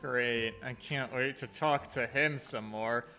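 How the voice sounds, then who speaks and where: A man's voice: medium pitch, fairly even intonation, slow, pushed and bright, faint music behind. An American man casually commenting on a game while streaming, profane and rambling.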